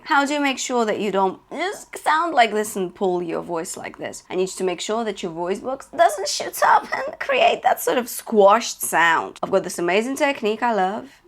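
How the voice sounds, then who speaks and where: Teaching singing, this woman speaks at medium pitch with a fairly bright tone. As an encouraging vocal coach she keeps asking "okay?" or "yeah?" and breaks up her directions by singing notes to demonstrate.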